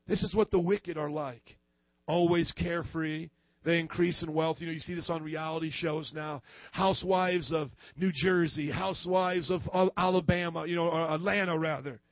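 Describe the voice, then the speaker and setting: A man preaching as a pastor, animated and jokey, poking fun at himself as he talks. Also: fairly high pitch, normal speed, no room sound, dull audio. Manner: animated, acts out quoted voices; jokey and self-deprecating. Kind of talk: sermon.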